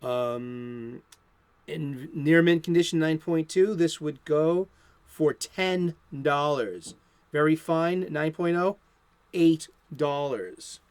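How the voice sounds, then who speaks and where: Male comic book host, unscripted home chat, rambling and upbeat, lo-fi sound, voice sits a little high. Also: slow pace, smooth, no echo. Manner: rambling, enthusiastic, many restarts and fillers. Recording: lo-fi home recording.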